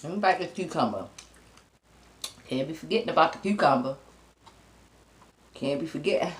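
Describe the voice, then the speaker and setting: A woman's voice: deep voice, lively intonation, moderate pace, long pauses. A woman vlogger talking to her viewers between bites of food, humming and chewing as she chats playfully. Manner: addresses viewers directly and playfully. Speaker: mukbang vlogger. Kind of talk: casual eating show chat. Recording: roomy echo.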